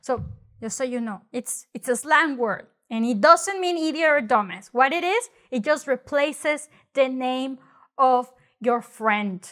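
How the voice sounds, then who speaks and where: A woman's voice: sits high, unhurried. A woman from Mexico with a Mexican accent, giving a chatty, informal Spanish lesson in English and acting out examples along the way. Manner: chatty, animated, acts out mocking exaggerated voices. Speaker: Spanish teacher. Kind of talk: casual spoken lesson.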